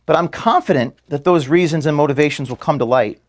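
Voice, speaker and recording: A man, the founder of an organization, giving an earnest farewell speech to his staff in an office. He is emotional and halting, with restarts and pauses, and is being filmed. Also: fairly high pitch. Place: office room at headquarters. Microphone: filmed by camera.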